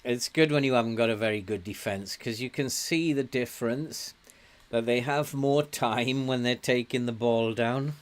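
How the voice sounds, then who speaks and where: A man's voice: mid-range voice, normal speed. An older man from England giving casual commentary while playing a football management game, chatty and laughing often, cheering his team on. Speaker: game streamer.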